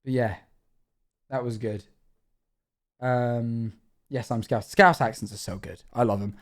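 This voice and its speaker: A man's voice: mid-range voice, fairly even intonation, measured pace. A man chatting casually on a livestream, rambling and self-deprecating, with frequent swearing. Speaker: streamer.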